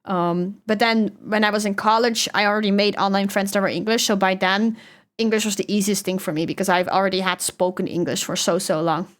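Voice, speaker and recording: A woman's voice: medium pitch, fairly even intonation, brisk. A young woman with a Dutch accent, chatting casually on a livestream and reading out chat. She talks loosely, swears and laughs often. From Netherlands. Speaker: streamer.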